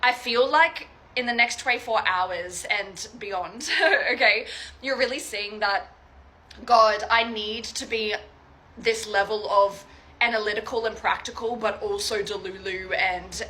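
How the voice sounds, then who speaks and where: A woman's voice: medium pitch, fairly even intonation, measured pace, bright, forceful tone, a little hiss or hum, rough recording. A young adult woman giving a casual, chatty psychic reading to viewers, swearing freely and checking in with "okay, guys?". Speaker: tarot reader.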